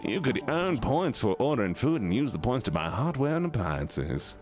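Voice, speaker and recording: A man's voice: mid-range voice, sing-song, moderate pace, darkish tone, faint music behind, lightly acted. A man voicing a cheerful male shopper with a Southern US accent and a folksy drawl.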